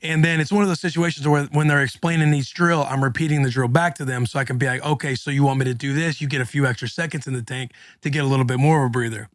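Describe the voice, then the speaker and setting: A man co-hosting a casual podcast, recounting events in loose, slangy bursts. His voice is mid-pitched and sits right on a dry, close microphone with no room sound. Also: no echo. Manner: animated, slangy, quick retelling with acted quotes. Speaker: podcast co-host. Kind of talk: casual storytelling chat.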